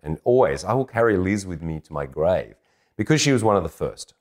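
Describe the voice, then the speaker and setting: Deep-voiced man telling a self-deprecating story. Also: fairly quick. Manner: animated, self-deprecating, acts out dialogue. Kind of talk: anecdotal storytelling.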